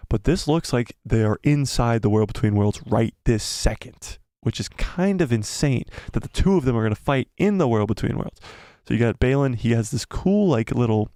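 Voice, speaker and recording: A man doing live, casual commentary as he breaks down a trailer, excitable and rambling, with many fillers and repeated words. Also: medium pitch, no room sound, clean studio sound.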